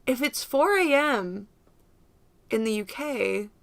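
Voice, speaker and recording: A woman's voice: on the high side, expressive, slow, vocal fry, no echo. A young woman from the United States hosting a casual livestream, rambling and laughing often as she talks to viewers. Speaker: livestream host.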